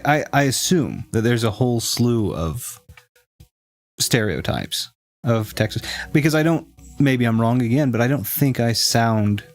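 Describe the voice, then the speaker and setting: A gravelly, low-voiced man with a fairly neutral American accent plays a game on stream, chatting casually with viewers in a rambling way and often correcting himself.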